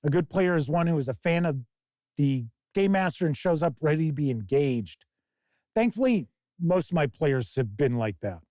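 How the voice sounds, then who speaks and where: Man, stream host, a bit high-pitched, dry, rambling casual talk, profane asides. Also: normal speed, dry recording. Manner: rambling, profane, animated mock quotes.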